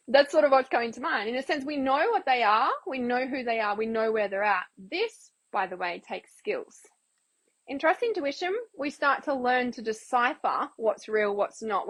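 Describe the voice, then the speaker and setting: Woman, slightly high voice, casual livestream host, chatty, acts out quotes. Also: fairly bright tone. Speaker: intuitive healer hosting a live Q&A.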